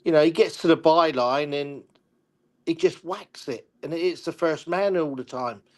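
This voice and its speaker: An older man, a former player, giving frustrated football analysis in halting, repetitive talk. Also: on the high side. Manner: halting, repeats words, frustrated. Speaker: guest pundit, former player. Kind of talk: casual football discussion.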